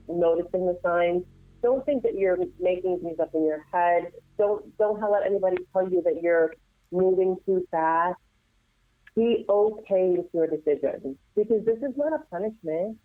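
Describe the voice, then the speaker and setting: A woman speaking in a fairly low voice comes through a thin, tinny phone line with no room sound at all. She is a nurse giving caregiving advice in an interview, earnest and animated, restarting her sentences as she goes. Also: dry recording. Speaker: nurse and assisted living administrator, guest. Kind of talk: conversational interview.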